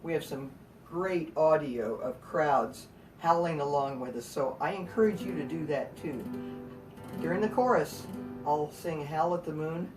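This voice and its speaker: Slow-talking folksy woman musician. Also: sits low. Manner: relaxed, wry, folksy humor. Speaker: singer-songwriter performer. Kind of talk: storytelling song introductions. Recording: distant mic with guitar behind.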